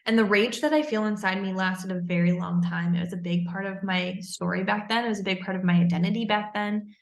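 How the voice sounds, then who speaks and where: A woman's voice: mid-range voice, fairly even intonation, brisk. Woman telling her own story straight to camera, earnest and intense, bit of room echo. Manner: candid, earnest, intense retelling. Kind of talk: personal storytelling monologue.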